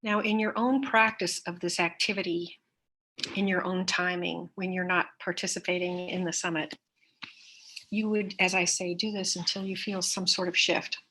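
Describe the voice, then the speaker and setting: Woman calmly guiding a body exercise. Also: on the low side. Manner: calm, step-by-step instructions with pauses. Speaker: workshop presenter. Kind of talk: guided body-awareness exercise.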